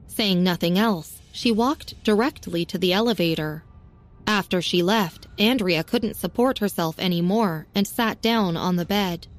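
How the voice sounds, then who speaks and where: A woman reading a serialized story as narrator, with a steady, even storytelling manner. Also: medium pitch. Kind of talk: scripted audiobook narration. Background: faint music.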